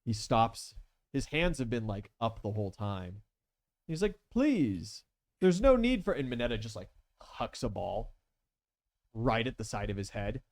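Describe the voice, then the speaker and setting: A man's voice: fairly low pitch, moderate pace, no room sound. A man narrating as game master in a tabletop game, casual and chatty with lots of fillers.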